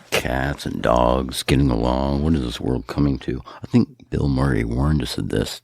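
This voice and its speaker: A man co-hosting a podcast in casual chat, trading deadpan jokes. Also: extremely low pitch, measured pace, gravelly, over music. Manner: deadpan joking. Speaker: podcast co-host.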